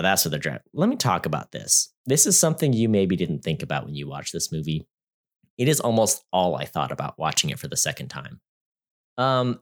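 A man with a slightly low voice talks through a movie in a loose, rambling way. He jokes and leans on fillers as he chats like a podcast host. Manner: rambling, chatty, joking, full of fillers. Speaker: movie reviewer. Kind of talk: casual podcast movie review.

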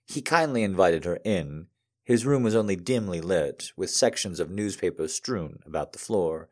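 A man reading a romantic story aloud to an audience in a calm, measured way with soft pauses. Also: low voice.

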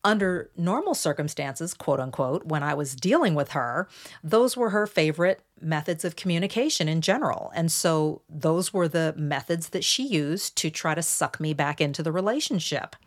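A woman hosting a solo podcast, calmly walking listeners through a numbered list of points. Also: low-pitched. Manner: measured, explanatory, walks through numbered points. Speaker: podcast host.

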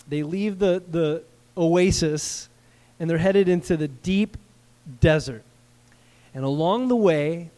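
A man preaching a sermon as pastor, conversational and animated, with asides and questions to the congregation. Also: high voice. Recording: long reverb from a hall.

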